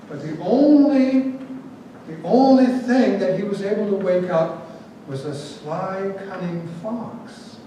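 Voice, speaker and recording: A male preacher with a fairly high voice tells a story to his congregation, slipping in wry asides as he goes. He is recorded from a distance in a very echoey room, with a faint hiss underneath. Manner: lively storyteller, adds asides and jokes. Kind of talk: storytelling sermon. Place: large room with a gathered audience.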